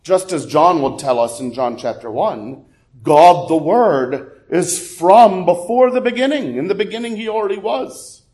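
A man preaching a sermon as pastor, conversational with fillers and self-corrections, then building to loud emphatic peaks before dropping low again. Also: expressive, a little slow.

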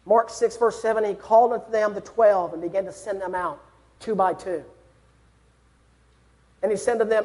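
A young man delivers a sermon with an unusually high-pitched voice. He speaks earnestly and builds to fervent exhortation. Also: steady tone, moderate pace, long pauses, darkish tone. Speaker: preacher.

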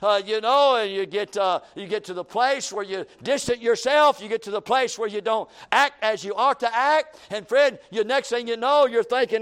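A man's voice: sits high, a little fast, hardly any pauses, fairly bright tone, smooth. A man preaching a sermon in church, acting out the despairing talk of ordinary people.

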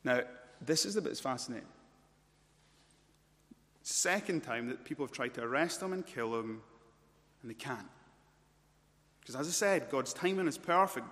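A man preaching an expository sermon, working through a passage and getting louder and higher when he presses a point. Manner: rises to loud, high-pitched emphasis when stressing points. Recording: long hall reverb.

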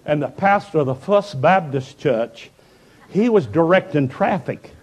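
A man preaching a revival sermon, telling stories fervently and building up to shouts. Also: fairly high pitch, lively intonation, unhurried, breathy edge.

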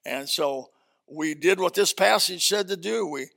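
Gravelly, bright-voiced male preacher. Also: high voice, a little slow. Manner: animated preaching, folksy asides, swings from shouting to quiet. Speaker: pastor. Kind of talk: sermon.

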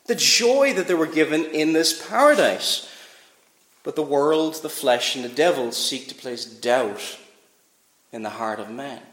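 A man's voice: mid-range voice, animated, measured pace, a bit bright, roomy sound. A man preaching a sermon, asking rhetorical questions and reading scripture aloud with emphasis.

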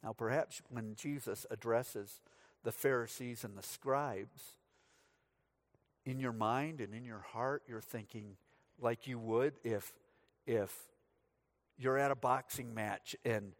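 A man's voice: mid-range voice, slow. A middle-aged man from the United States, preaching a sermon as pastor, telling stories with dry humor.

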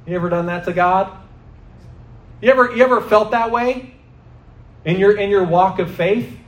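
A man's voice: high voice, normal speed, reverberant. A man preaching a sermon, emphatic and questioning, who keeps asking the congregation rhetorical questions. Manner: emphatic, asks the crowd repeated questions.

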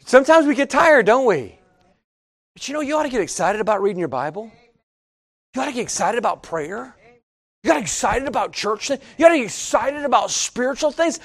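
High-voiced folksy preacher. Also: male voice. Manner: folksy, animated, joking, rising to near-shouts. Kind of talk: sermon with storytelling.

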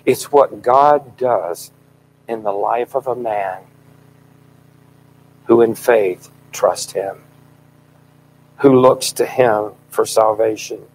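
A middle-aged man preaching a sermon in a fervent, emphatic style, his voice swelling loud at key points. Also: lowish voice, takes it slowly, long pauses, slight background noise, rough recording.

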